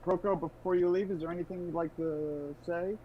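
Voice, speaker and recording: A man co-hosting a livestream, talking in a halting way with many fillers. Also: high-pitched, fairly even intonation, highs cut off, slight background noise. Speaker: co-host of the stream. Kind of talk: casual livestream chat.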